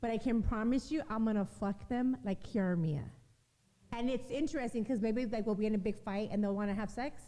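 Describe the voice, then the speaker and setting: A woman hosting a casual chat show, eager and chatty, quick to chime in. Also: a little high, dark tone, long reverb tail. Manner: eager, chatty, quick back-channel chiming. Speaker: podcast host.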